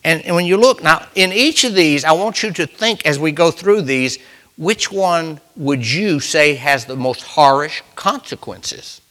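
A preacher with a bright, forward voice, pitched a little above most men, gives a sermon in a conversational way. He keeps circling back to repeat and restart his main phrases, slowing and stretching out the words he wants to land.

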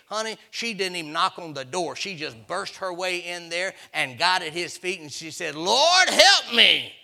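A man preaching a sermon, telling folksy stories and acting out the people in them, his voice rising to shouts. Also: fairly high pitch, vocal fry.

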